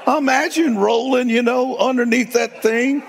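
A man preaching in a folksy storytelling way, laughing often and swinging between loud and hushed. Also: very high voice, a little slow, vocal fry, long reverb tail, some chatter behind, slight background noise. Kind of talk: storytelling sermon.

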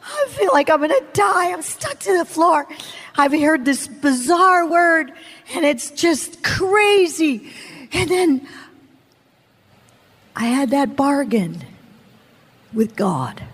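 A woman preacher giving an animated testimony sermon, telling her story with bursts of laughter and screaming. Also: sits high, takes it slowly, pauses often, big-room sound.

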